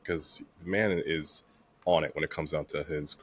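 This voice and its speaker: A man co-hosting a gaming podcast, rambling in an excitable way. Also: rumbling low, normal speed, slight background noise. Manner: rambling, excitable, laughs easily. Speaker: podcast co-host. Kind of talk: casual gaming podcast chat.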